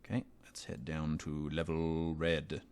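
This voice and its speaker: A man's voice: a bass voice, completely flat delivery, a little slow, a little mellow, clear, resonant tone. A man giving rambling, profane, sardonic commentary while playing a video game. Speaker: let's play commentator. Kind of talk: casual gameplay commentary.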